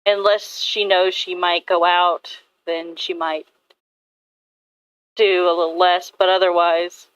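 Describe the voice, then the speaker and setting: A woman's voice: lowish voice, level tone, slow pace, clean tone, dry recording, highs cut off. A woman artist chatting casually and rambling about her characters, swearing now and then. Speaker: artist vlogger. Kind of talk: casual chat while drawing.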